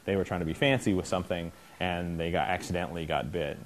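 At a dog-trainer clinic, a fast-talking man with a deep voice and fairly even intonation lectures informally. He stays conversational, often pausing to check on the class and dramatizing scenes.

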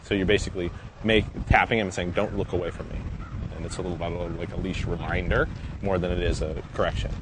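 Low-voiced man coaching dog training outdoors. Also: steady tone, fast. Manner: instructive, casual, frequent "right?" check-ins. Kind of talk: live coaching session. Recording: outdoor noise.

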